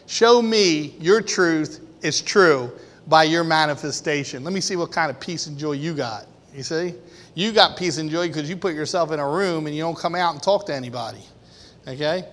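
Bright-voiced man preaching casually in a hall. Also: a little high, normal speed. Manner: conversational, laughing, acts out quoted voices. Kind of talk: informal sermon to a small group. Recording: long hall reverb.

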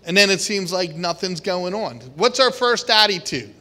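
A man delivers a sermon to his congregation in a high, bright voice. He speaks slowly and animatedly, acting out the voices of worried people and of God. The sound rings with a long hall reverb. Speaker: preacher.

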